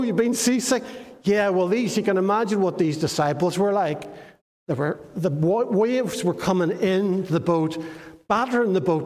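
A man giving a children's sermon in lively storytelling and putting questions to the children. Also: high voice, big-room sound. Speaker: minister.

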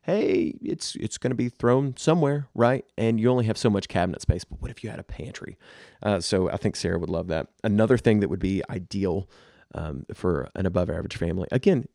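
Gravelly low-voiced man giving friendly advice. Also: expressive, brisk, warm tone, dry recording, studio quality. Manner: conversational, advice-giving, addresses listeners directly. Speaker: podcast co-host. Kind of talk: casual chat.

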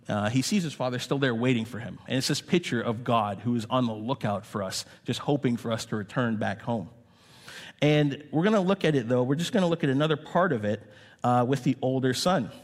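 Man preaching in a reverberant church hall. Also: mid-range voice. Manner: earnest, measured preaching with pauses and fillers. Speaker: pastor. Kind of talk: sermon.

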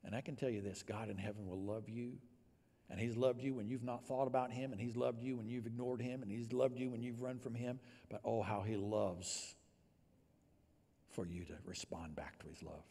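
A male pastor preaching a sermon, swinging from hushed, near-whispered passages to loud, emphatic ones. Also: medium pitch, moderate pace, husky, in a large hall.

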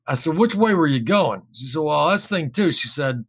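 Man with a raspy, gravelly voice, telling a story in a rambling, casual way. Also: mid-range voice, normal speed, few pauses. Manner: rambling, repeats words, animated when quoting others. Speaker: guest recounting an experience.

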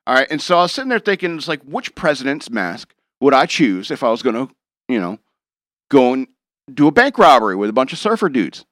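A man's voice: mid-range voice, sing-song, brisk, fairly bright tone, dry recording, studio quality. A man rambling through a wry, jokey monologue as a show host, chuckling now and then.

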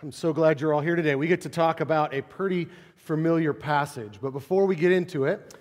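A man, a pastor, preaching a sermon in a conversational way, dropping to soft low tones to stress a point. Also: a little fast, long reverb tail.

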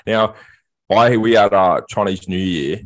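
A low-voiced man co-hosting a casual podcast. He tells stories in a sweary, animated way. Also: unhurried. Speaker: podcast co-host. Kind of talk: casual chat, storytelling.

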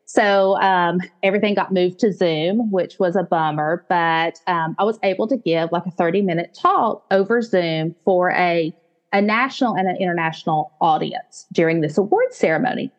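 Speaking at a moderate pace in a fairly low voice, a Southern American business founder in her late forties recounts her story as a podcast guest. She's warm and animated, often quoting her own thoughts. The audio lacks high frequencies.

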